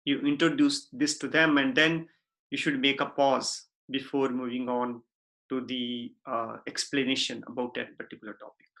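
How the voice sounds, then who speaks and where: A man giving a recorded lecture in a deliberate, repetitive way, often checking in with the listener. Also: medium pitch, flat delivery, vocal fry, pushed and bright. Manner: deliberate, repeats himself, frequent "okay?" checks.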